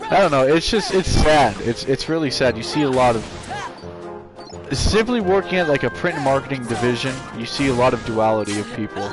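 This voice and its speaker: His voice is medium-pitched, expressive, and brisk as he streams live, telling a meandering, casual tale from work and often starting over mid-thought. Video game music can be heard behind him.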